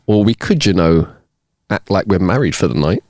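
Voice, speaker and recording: A man's voice: low voice, very animated, normal speed, a little mellow, dry recording, clean studio sound. Man doing a sly guy in a cabin. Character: scheming man sharing a cruise cabin.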